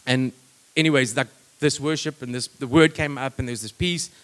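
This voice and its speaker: A man's voice: mid-range voice, steady tone, moderate pace, a bit bright. A man giving a personal testimony in a rambling, conversational way, full of fillers and restarts.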